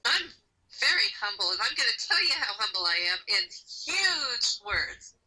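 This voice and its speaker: High, bright, teasing woman. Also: big pitch swings, moderate pace, breathy edge, rough recording. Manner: joking and teasing. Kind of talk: casual group chat.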